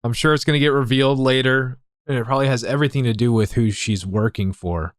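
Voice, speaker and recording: A man's voice: medium pitch, quick pace, no room sound, studio quality. A young man co-hosting a reaction show, chatting in a laid-back, unsure way. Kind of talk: casual chat.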